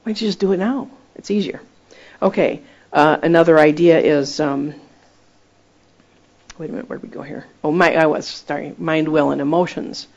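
Gravelly-voiced woman minister teaching informally. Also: sits low, normal speed. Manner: lively, chatty, laughs at her own stories. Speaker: Christian minister teaching a group. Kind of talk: informal sermon with personal stories. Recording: dull lo-fi recording.

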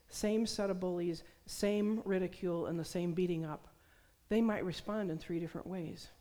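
A middle-aged woman with a fairly low, mellow voice preaches a sermon full of stories, acting out the voices she quotes. The recording carries a long hall reverb.

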